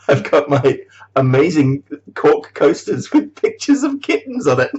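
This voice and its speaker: This animator vlogger's voice is on the high side, sing-song and a bit slow, with a darkish tone and the highs cut off. He chats in a loose, rambling way, laughing often, cursing without restraint and trailing off mid-thought.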